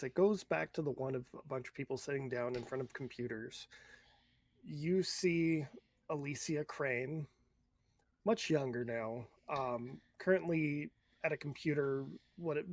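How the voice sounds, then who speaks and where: A man narrating a tabletop role-playing game as game master, describing scenes in a halting, searching way. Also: fairly high pitch.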